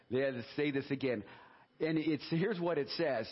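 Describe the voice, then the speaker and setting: A man preaching a fervent, animated sermon as pastor, reading scripture and exclaiming praise. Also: on the high side, normal speed, slightly rough, dull audio.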